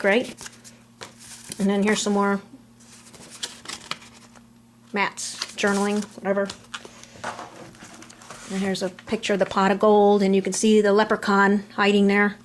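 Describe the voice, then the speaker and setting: A woman's voice: medium pitch, normal speed, long pauses, slight background noise. Chatty woman showing off a craft album. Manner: chatty, relaxed, trails off between items. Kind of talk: casual show-and-tell narration.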